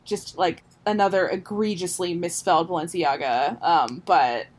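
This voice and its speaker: A woman's voice: fairly low pitch, normal speed. A young woman co-hosting a podcast, chatting casually with lots of fillers and frequent laughs. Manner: rambling, filler-heavy, laughs often. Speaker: podcast co-host. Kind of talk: casual chat.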